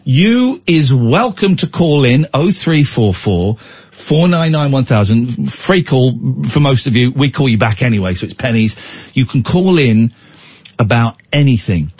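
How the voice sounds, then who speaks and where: Teasing radio host, lively pitch. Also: male voice, measured pace, slightly rough, highs cut off. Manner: animated, teasing, jokey. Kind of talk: casual radio chat.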